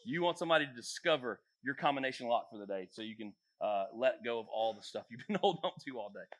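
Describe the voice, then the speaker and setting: A man, a youth pastor, giving a joking, animated talk to teenage girls in a church youth room. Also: mid-range voice, fast. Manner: jokey, animated, acts out voices. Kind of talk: casual talk to teens.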